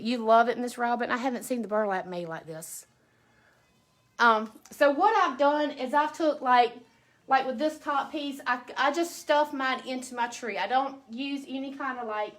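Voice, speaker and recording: A friendly-sounding Southern woman with a high voice talks casually on a home live stream. She keeps up a chatty, drawling stream of greetings to her viewers as she works. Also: a bit bright. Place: at home beside a Christmas tree.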